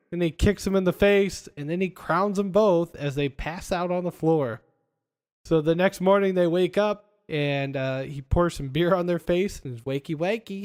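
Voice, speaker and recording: Higher-voiced man recapping a film. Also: moderate pace, smooth. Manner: animated retelling, acting out quoted lines. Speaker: podcast host. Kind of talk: casual chat, recapping film scenes.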